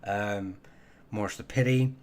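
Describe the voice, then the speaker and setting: A man with a fairly low voice hosts a relaxed live Q&A stream from a home computer mic. He pauses often, fills gaps with ums and uhs, and corrects himself mid-sentence as he answers viewer questions. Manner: hesitant, full of ums and self-corrections. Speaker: livestream host answering viewer questions on Irish surnames. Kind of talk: casual live Q&A chat.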